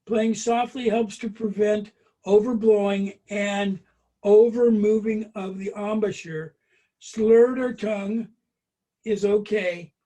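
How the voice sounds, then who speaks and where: Brass lesson leader, male, high-pitched, chatty and halting with frequent fillers. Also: steady tone, dark tone. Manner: chatty, hesitant, many ums and restarts. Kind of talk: casual spoken music lesson.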